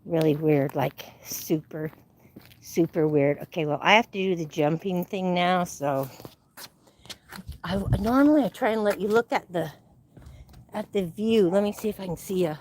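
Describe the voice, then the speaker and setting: A woman's voice: lowish voice, normal speed, a little mellow. Older woman, rambling live-stream chat, outdoor walk, phone mic, faint background noise. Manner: rambling, chatty, addresses viewers by name. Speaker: livestream host. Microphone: phone held in hand.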